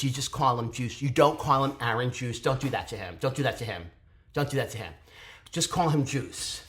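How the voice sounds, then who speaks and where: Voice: medium pitch, a bit bright. Casual reviewer, theatrical and gushing, rambling with whispered asides. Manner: rambling, self-interrupting. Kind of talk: excited casual review monologue.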